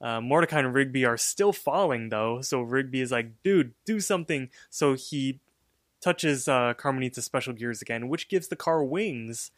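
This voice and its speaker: A man's voice: medium pitch, moderate pace, dry recording, studio quality. A man co-hosting a podcast, casually retelling a cartoon episode in a rambling way, full of fillers. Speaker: podcast co-host.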